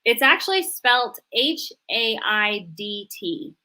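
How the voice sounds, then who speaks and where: A woman's voice: on the high side, animated, slow, sharp tone. A middle-aged woman, a family therapist, chatting animatedly in an interview and acting out voices when she quotes people. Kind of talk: casual interview chat.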